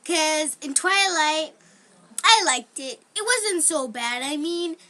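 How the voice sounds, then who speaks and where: Teen girl chatting with her friend, super high bright voice, rambly. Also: animated, slow pace. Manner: chatty, filler-heavy. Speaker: friend co-reviewing. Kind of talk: casual chat.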